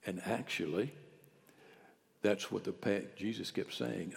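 A male pastor preaching a sermon, swinging from quiet, close talk to loud shouted calls. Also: lowish voice, measured pace, vocal fry. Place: church sanctuary. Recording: church hall with long reverb.

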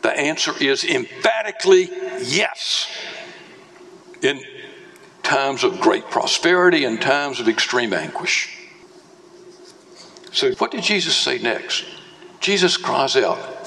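A man preaching a sermon as pastor, slow and emphatic, with dramatic swings in pitch. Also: sing-song, pushed and bright. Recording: long reverb of a large hall.

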